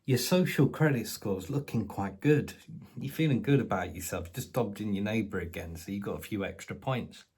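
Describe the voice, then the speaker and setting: A man's voice: lowish voice, normal speed, darkish tone, husky. A middle-aged British man giving a sarcastic, casual commentary monologue, mocking and incredulous, with colloquial asides. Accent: British English. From Britain. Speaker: political commentator.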